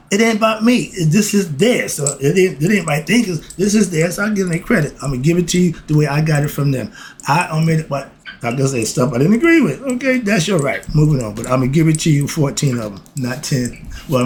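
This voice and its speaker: A man with a fairly high voice teaches an informal lesson in a streetwise, preachy way. He swears and laughs, flares into heated rants, then calms himself down. There is faint noise behind him. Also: fairly quick. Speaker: self-styled philosophy teacher. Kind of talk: informal spoken lesson to viewers.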